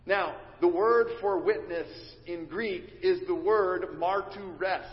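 High-voiced pastor preaching in an echoing hall. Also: male voice, takes it slowly. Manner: teaching, leads the congregation in call and response. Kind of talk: sermon. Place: church sanctuary. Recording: dull recording in a reverberant church hall.

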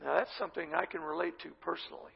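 This pastor fires off his sermon rapidly, yet keeps the feel of a relaxed story as he retells scripture. He has a husky, gravelly, high voice. It rings with long reverb in a church hall, captured on a rather dull, muffled recording.

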